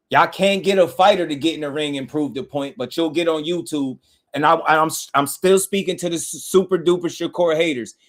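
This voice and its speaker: A man hosting a boxing channel, ranting in casual commentary with heated, profane emphasis. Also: on the high side.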